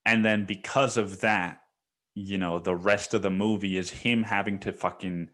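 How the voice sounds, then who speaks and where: A man's voice: deep voice, fairly even intonation, normal speed, a bit bright. A man hosting a solo podcast, recounting a dream in a casual, profane storytelling manner. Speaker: podcast host.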